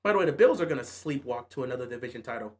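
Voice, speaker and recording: A man's voice: mid-range voice, expressive, rapid-fire, breathy edge. A man reacting live to a football game, trash-talking rivals with rhetorical questions and slipping into mock play-by-play calls. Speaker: sports fan watching a game live.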